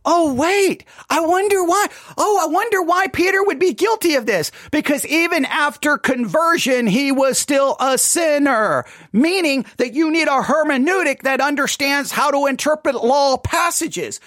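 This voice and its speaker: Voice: high-pitched, moderate pace, few pauses, fairly bright tone, dry recording, studio quality. A commentator reacting to a sermon clip with emotional, exasperated ranting and sarcastic mimicry.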